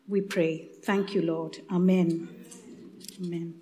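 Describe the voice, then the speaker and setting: A woman with an East African accent reads scripture and prays in a church. Her delivery is gentle and unhurried, with the occasional small restart. Her pitch sits in the middle of the range. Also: a little hiss or hum. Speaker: church reader leading prayer. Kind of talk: prayer and Bible reading.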